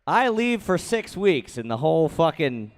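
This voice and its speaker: At an open mic in a small comedy room, a man performs a crude, rambling, self-deprecating stand-up set into a handheld stage mic. His voice is on the high side with big pitch swings, at a normal speed.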